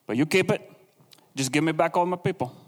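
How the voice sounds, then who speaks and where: A man's voice: on the high side, a little fast, big-room sound, lightly acted. A man voicing a scheming king who talks like a mob boss, with a put-on Italian accent and pushy bargaining. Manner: wheeling and dealing, pushy bargaining.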